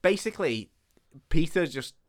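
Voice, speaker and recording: A man co-hosting a casual podcast, recapping a film plot with lots of swearing, laughter and quick put-on quotes. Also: on the high side, lively intonation, no echo, studio quality. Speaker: podcast co-host.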